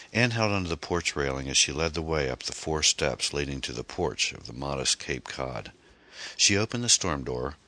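A man narrating a mystery novel in a measured, even storytelling manner. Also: very deep voice, dry recording. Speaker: audiobook narrator. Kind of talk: scripted narration.

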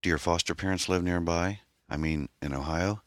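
A man's voice: sits low, steady tone, moderate pace, fairly bright tone, no echo, clean studio sound, pitched above the performer's own voice. A man voicing a caring young man who speaks in an earnest, reassuring way.

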